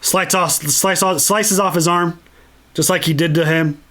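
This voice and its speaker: A man's voice: a little high, steady tone, measured pace, a bit bright. A man hosting a casual movie commentary, enthusiastic and freely swearing. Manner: enthusiastic and profane. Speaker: channel host.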